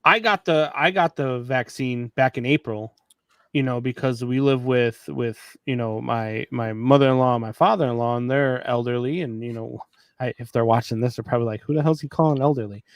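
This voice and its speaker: A man's voice: medium pitch, steady tone, moderate pace, dry recording. A man hosting a casual sports talk show, speaking conversationally and moving the discussion from one headline to the next. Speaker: host.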